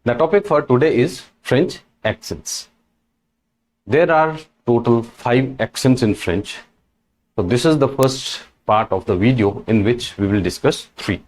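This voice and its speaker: A man teaching French in a slow explanatory lesson, often checking in with "right?" and "correct?". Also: medium pitch, a little mellow.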